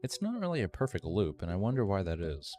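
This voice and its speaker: A man teaching a live screen-share tutorial, thinking aloud in a relaxed way with ums and restarts. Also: low voice, quick pace. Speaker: streamer teaching AI animation. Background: faint music.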